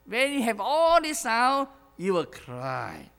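A man's voice: very high voice, huge pitch swings, slow pace, creaky, fairly bright tone, clean tone. A man preaching a sermon who asks the congregation questions, repeats his phrases and chuckles now and then. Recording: long hall reverb.

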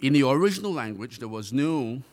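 An earnest male pastor delivering a sermon. His pitch sits in the middle range, and he draws out the words he wants to land. He sometimes stumbles and restarts a phrase as he presses his point. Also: expressive, a little mellow. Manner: earnest, drawn-out emphasis on key phrases; repeats and restarts words while preaching.

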